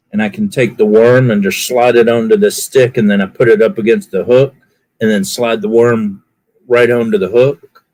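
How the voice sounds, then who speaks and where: His voice is on the low side with a darkish tone, heard through a low-quality recording. The man chats casually, sharing folksy stories and playing the characters in them with raised voices.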